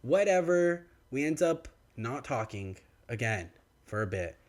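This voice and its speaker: A young man co-hosting a podcast, telling a story in casual chat and acting out the quoted lines of others. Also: measured pace. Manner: animated, acts out quoted dialogue with big pitch swings. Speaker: podcast co-host. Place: podcast studio.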